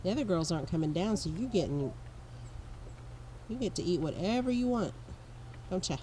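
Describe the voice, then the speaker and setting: A middle-aged woman, sick and hoarse, chatting in a rambling way with frequent laughs while feeding chickens outdoors. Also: fairly low pitch, lively intonation, mellow, poor audio. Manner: slow, rambling, laughs often. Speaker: vlogger. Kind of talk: casual vlog chat. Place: outdoors in a snowy yard with chickens. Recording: outdoor background noise. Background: outdoor ambience with animals.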